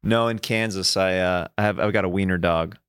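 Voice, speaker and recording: A man, a guest voice actor, chatting in a relaxed way with many fillers. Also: sits low, fairly quick, clear, resonant tone, dry recording, clean studio sound. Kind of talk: casual chat.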